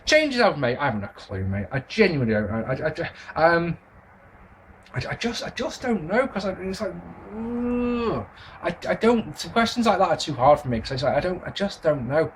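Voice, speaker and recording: A man's voice: a little high, big pitch swings, normal speed, slight background noise. A man, answering viewer questions in a casual vlog, rambling, swearing and apologising for his answers. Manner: rambling, sweary, self-deprecating. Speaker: wrestling video reviewer.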